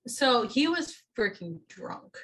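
A woman telling a story in casual chat, relaxed and matter-of-fact. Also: a little high, takes it slowly, a little hiss or hum.

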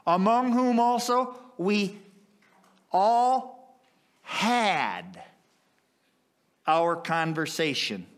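Man, pastor, sermon, slow delivery, bright tone, rising swells of passion. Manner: impassioned preaching with big swells in pitch and volume.

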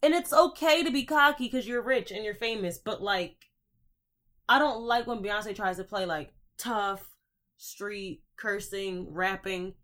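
A woman's voice: mid-range voice, a little slow, a bit bright. A woman hosting a casual podcast, talking through her opinions in an easygoing conversational way. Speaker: podcast host.

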